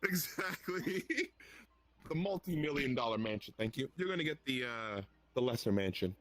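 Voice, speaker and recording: Animated man in casual chat. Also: moderate pace. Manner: animated, acts out quoted voices with big pitch jumps.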